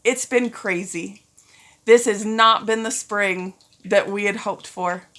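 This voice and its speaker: A woman's voice: mid-range voice, steady tone, slow pace. A woman school principal giving end-of-year announcements, upbeat and encouraging, getting a little teary as she talks to students and parents. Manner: upbeat, addresses students as ladies and gentlemen.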